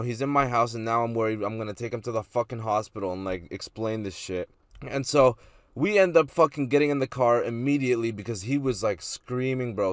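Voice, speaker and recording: A man's voice: medium pitch, dry recording. A man in his twenties telling a storytime vlog in a blunt, casual way, swearing and using lots of fillers. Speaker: YouTuber. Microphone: close desk mic with gameplay footage playing.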